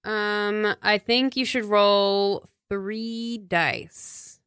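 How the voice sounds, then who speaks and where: A woman runs a tabletop game with a bright, crisp voice. She halts on fillers and laughs easily. The sound is dry and close. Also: mid-range voice, steady tone, extremely slow, dry recording. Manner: hesitant, lots of fillers and laughter. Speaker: game master.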